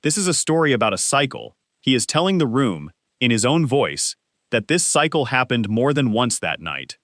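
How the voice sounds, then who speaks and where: A male true-crime narrator gives measured, pointed commentary with lively rises and falls in pitch. The voice-over is close and dry, with no room sound. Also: no room sound.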